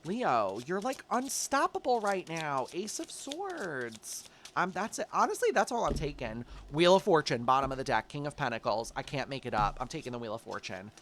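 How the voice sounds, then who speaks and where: A man's voice: fairly high pitch, sing-song, fairly quick, few pauses, fairly bright tone, slight background noise. A man giving a casual, upbeat tarot reading, encouraging the listener and calling them babe. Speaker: tarot reader.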